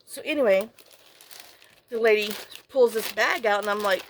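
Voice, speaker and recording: A woman's voice: mid-range voice, unhurried, pauses often, fairly bright tone, slight background noise. Woman vlogger, casual to-camera talk, tearful, rambling with many restarts. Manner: rambling, trailing off and restarting often. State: tearful, fighting back crying. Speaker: journaling channel vlogger. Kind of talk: casual to-camera vlog chat.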